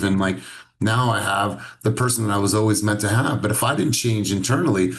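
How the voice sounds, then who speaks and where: Earnest low-voiced male sales coach. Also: brisk. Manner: earnest, encouraging, asks many questions. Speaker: sales coach leading a session. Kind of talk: coaching talk.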